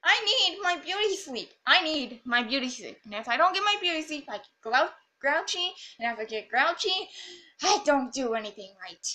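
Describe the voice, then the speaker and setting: A woman's voice: high-pitched, sing-song, normal speed, pushed and bright. A woman rambling and joking through casual gameplay commentary. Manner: rambling, silly and jokey. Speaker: gamer.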